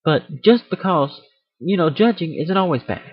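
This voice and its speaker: A man rants in a casual video, rambling off on tangents and poking fun at himself. His voice is husky and lively, swinging up and down. The sound is dry and dull, from a computer mic. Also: a little high, moderate pace, no echo. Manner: rambling, self-aware, jokey. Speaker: video host. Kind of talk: casual rant vlog.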